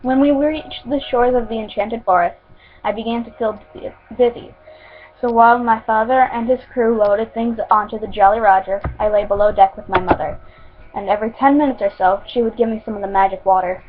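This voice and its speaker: Woman, fairly high voice, homemade story reading, stumbles and restarts, tinny phone-like recording. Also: fairly even intonation, brisk. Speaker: reader of her own fan fiction.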